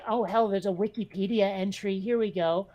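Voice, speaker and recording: A woman co-hosting a casual chat show, wry and quick to laugh, reading aloud from a web page with offhand swearing. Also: medium pitch, mellow. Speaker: podcast co-host.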